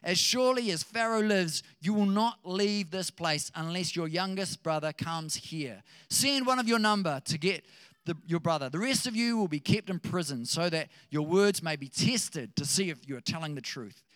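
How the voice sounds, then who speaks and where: A man's voice: high-pitched, lively intonation, normal speed, a bit bright, clear, resonant tone, no room sound, studio quality. A man reading aloud the lines of a stern, spiteful man in power, in an emphatic, raised voice.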